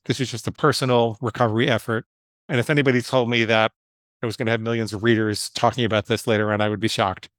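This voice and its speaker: Man, psychologist guest, candid storytelling, self-deprecating, mid-pitched voice, dry sound. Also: fairly bright tone, no room sound. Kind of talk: storytelling interview answer.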